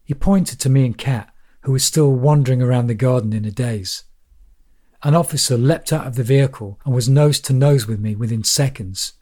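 A man reading a first-person story aloud in a measured, wry storytelling manner. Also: medium pitch, mellow. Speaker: audiobook narrator.

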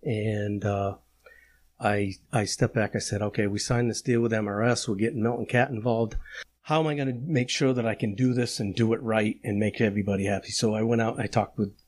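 Husky man, emotional and halting. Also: fairly low pitch, fairly even intonation, a little mellow. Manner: emotional, halting, many restarts. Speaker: podcast host. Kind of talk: casual podcast chat.

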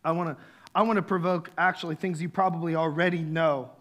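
A man's voice: on the high side, steady tone, brisk, a bit bright. A man preaching a sermon in a conversational, earnest way, with casual asides and fillers. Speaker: pastor.

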